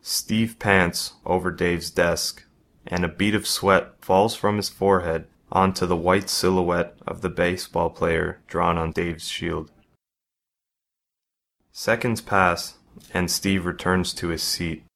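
Deep voiced guy slowly reading his own story out loud. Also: steady tone, gravelly. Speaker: narrator. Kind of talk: first-person story reading.

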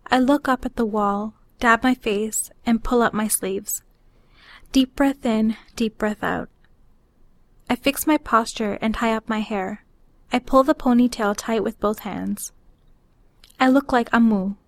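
A woman reading her own personal story aloud in a measured, unhurried way. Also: fairly high pitch, no room sound.

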